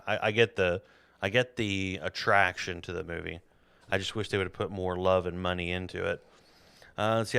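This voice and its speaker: A man's voice: sits low, creaky, fairly bright tone, smooth, no echo. A man hosting a podcast in casual, rambling chat, laughing at his own jokes. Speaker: podcast host.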